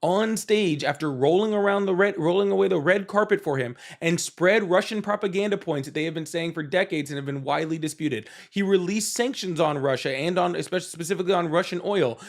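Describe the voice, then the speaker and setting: A fiery male host in a live debate with a voice that sits on the higher side. He argues, cuts in and presses the same questions again and again. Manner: combative, interrupting, repeats questions. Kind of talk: heated political debate.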